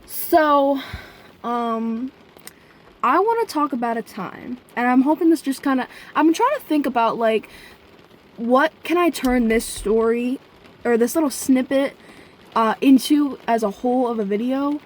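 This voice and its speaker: A high-voiced young woman vlogs casually, addressing viewers directly as she meanders through a story at an unhurried pace. Sudden bursts of profanity break into her chatty delivery from time to time.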